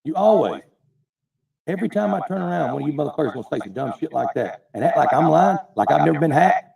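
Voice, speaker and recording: A man's voice: on the high side, lively intonation, fast, gravelly, mellow, recorded from a distance. An angry man ranting profanely in defense of himself on a livestream. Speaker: online streamer defending himself.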